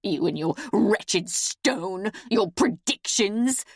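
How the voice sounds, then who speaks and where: A woman reading an audiobook, voicing a scheming, half-mad noblewoman with sharp, heated outbursts. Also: mid-range voice, very animated, a little slow, dry recording, clean studio sound. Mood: raging.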